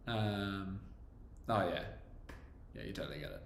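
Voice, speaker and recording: A young man who is a livestreaming bass trombonist chats casually, laughing often as he reads viewer comments. His voice is low-ish and fairly bright, with huge pitch swings, a measured pace and long pauses, in an echoey room with faint background noise.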